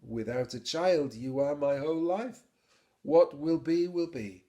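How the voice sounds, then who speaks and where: A man's voice: fairly high pitch, measured pace, dark tone, close to an everyday voice. A man voicing a devoted wife with dry, teasing humour. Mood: tender, teasing. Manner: teasing, tender.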